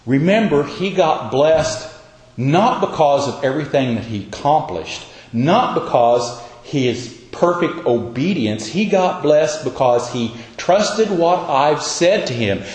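A male preacher voicing God as a calm, patient deity, in an echoey hall. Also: fairly high pitch, takes it slowly.

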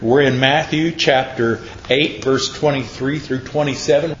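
Preacher guy, folksy sermon storytelling, mid voice, faint rumble in the back. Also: steady tone, measured pace. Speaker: pastor. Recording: echoey lo-fi room with faint rumble.

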